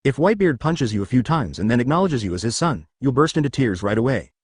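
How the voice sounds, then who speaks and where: A man reading as a calm young hero. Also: mid-range voice, quick pace, slightly rough, no echo, clean studio sound. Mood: firm.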